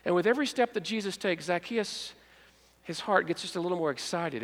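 A man pastor preaching a sermon in a church, telling a story with dramatic pauses, hushed moments and acted-out voices. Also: sits high, long reverb tail. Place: church sanctuary.

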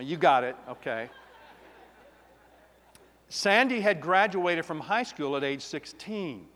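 A man, a pastor giving an emotional personal testimony, swinging between loud and hushed. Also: on the high side. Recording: long reverb of a large hall.

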